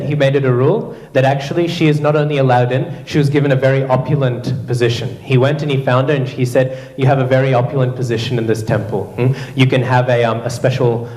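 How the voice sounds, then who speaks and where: A man's voice: medium pitch, darkish tone. Man telling a scripture story, roomy sound. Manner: narrates with quoted voices, frequent "hmm?" and fillers. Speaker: class speaker. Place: temple hall. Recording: roomy echo.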